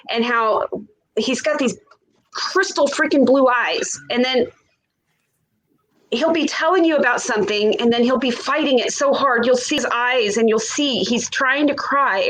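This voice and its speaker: A woman with a high voice gives a tarot reading on a casual livestream. She gushes over the cards and talks chattily, trailing into long pauses. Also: fairly bright tone, low-quality recording. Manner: gushing, chatty, drawn-out pauses. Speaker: tarot reader.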